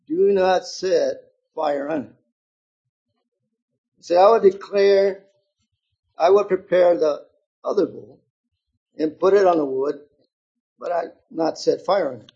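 Older male preacher in his 70s, husky and unhurried, slightly high voice, muffled lo-fi recording; shifts from loud scripture reading to hushed asides. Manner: swings between loud emphatic reading and quiet asides. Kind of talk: sermon reading and explaining scripture.

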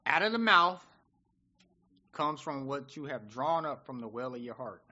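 A man preaching a sermon in an animated, conversational way, often acting out what people say. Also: mid-range voice, a little slow, dull audio.

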